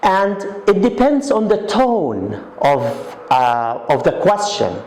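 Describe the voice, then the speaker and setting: A man teaching an English grammar lesson, explaining slowly and repeating his example sentences. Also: high-pitched, big pitch swings, a little mellow. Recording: echoey room.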